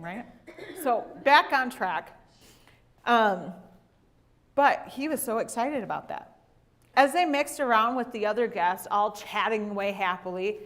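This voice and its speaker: A woman teaching a women's Bible class in a church classroom, telling lively stories and acting out what people said. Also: medium pitch. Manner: animated storyteller who acts out quotes. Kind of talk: storytelling church lesson.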